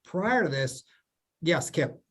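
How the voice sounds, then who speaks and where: A man's voice: fairly high pitch, big pitch swings, takes it slowly, a bit bright, slightly rough. A man with a New Jersey accent, a guest chatting casually and explaining his background on a podcast.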